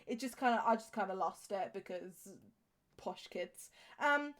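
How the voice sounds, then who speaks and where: Young English woman, rambling gameplay commentary, slightly high voice, chatty and loose. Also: very animated, measured pace, a bit bright. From England. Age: 20s. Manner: rambling, chatty, full of fillers and restarts. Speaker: game streamer.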